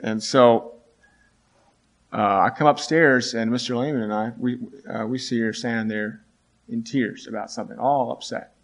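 A middle-aged man, a teacher, telling a story from his class in an earnest, halting way, with many restarts. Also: medium pitch, steady tone. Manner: earnest and halting, with many restarts, rising when he quotes students. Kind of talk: storytelling talk.

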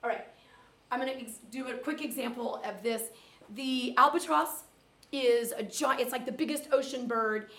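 A woman's voice: fairly high pitch, fairly bright tone. A woman teacher giving chatty, practical tips on teaching reading. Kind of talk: teacher-training talk. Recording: echoey room.

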